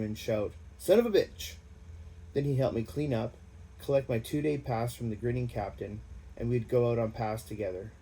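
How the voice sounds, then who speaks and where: A man's voice: medium pitch, warm tone, husky, low-quality recording. A man giving an amateur reading of a war memoir in a plain, unpolished way. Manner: plain, unpolished, casual asides. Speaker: audiobook reader.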